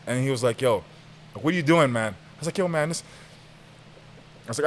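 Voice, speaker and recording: A young man casually telling a lively football story on a podcast, full of slang, acting out what people said and often laughing. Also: medium pitch, fast talker, long pauses, noisy background. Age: young adult. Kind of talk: animated storytelling, casual chat.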